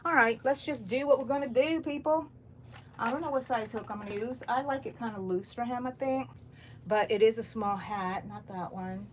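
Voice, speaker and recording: A middle-aged woman runs a crochet livestream from home on an overcast morning, rambling and greeting viewers by name. Her voice is fairly high and moves at a normal speed, with a little hiss or hum in the recording.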